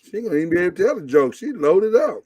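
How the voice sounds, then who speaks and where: A man's voice: high voice, big pitch swings, rapid-fire, darkish tone, no echo. A man hosting a casual live-stream chat, blunt and joking as he teases his co-hosts. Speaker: host.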